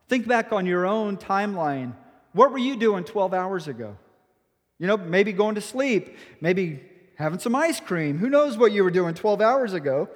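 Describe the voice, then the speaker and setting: A man preaching with a notably high voice, telling the story vividly and slipping into the characters' words. His voice carries a long reverb, as if filling a large sanctuary. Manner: expressive storytelling, acting out the disciples' lines. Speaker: pastor. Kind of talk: sermon.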